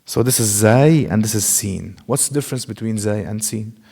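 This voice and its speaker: A male teacher with a low, gravelly voice gives a classroom lecture in a mosque hall with a long echo. He talks slowly and patiently. He sounds out examples himself and poses rhetorical questions to the students. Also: mellow. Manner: explanatory, demonstrates letter sounds, asks rhetorical questions. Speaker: Quran recitation teacher.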